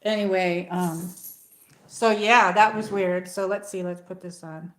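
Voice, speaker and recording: A woman's voice: fairly low pitch, steady tone, measured pace, fairly bright tone. Rambling woman chatting on a livestream. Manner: rambling storytelling with many fillers and restarts. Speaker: livestream host. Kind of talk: casual livestream chat. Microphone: tablet. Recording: echoey room.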